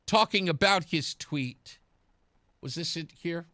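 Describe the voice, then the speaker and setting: A man's voice: on the high side, slow, no echo. A man hosting a talk radio show, delivering an opinionated, mocking monologue with frequent laughter. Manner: mocking, animated, laughs often.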